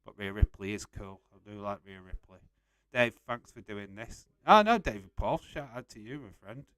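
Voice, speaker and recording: A man's voice: lowish voice, moderate pace, pushed and bright, clean tone, no room sound. A young man casually hosting a live stream, reading out and answering chat messages and laughing often.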